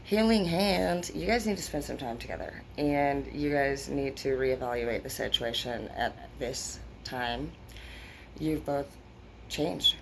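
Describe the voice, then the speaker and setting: A woman's voice: a bass voice, creaky, slight background noise. A woman with grown children giving a casual tarot reading to her viewers, rambling, blunt and full of swearing. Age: adult with children. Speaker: tarot reader.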